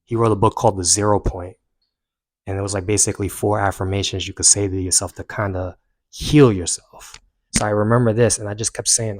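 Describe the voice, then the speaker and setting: A young man earnestly recounting a personal story to camera, rising with emphasis and dropping quiet when he reflects. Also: fairly low pitch, fairly even intonation, brisk, no echo. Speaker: self-help vlogger.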